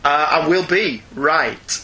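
A man's voice: a little high, slow, pushed and bright, poor audio. A man hosting a comics podcast, reading listener emails aloud in a jokey, teasing way and laughing often. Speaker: podcast host.

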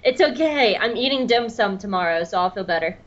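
A woman co-hosting a casual podcast, bubbly and excitable, with lots of "like"s. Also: medium pitch, brisk, highs cut off. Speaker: podcast co-host.

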